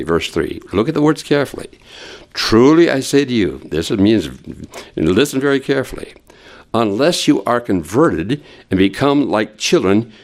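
An older man preaching a sermon as a pastor, animated and stressing key words. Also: fairly low pitch.

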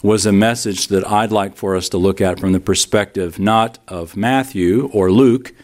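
A man's voice: fairly low pitch, fairly even intonation, normal speed. A middle-aged man preaching a sermon as a pastor, telling stories and acting out the people in them. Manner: storytelling, acting out quoted voices.

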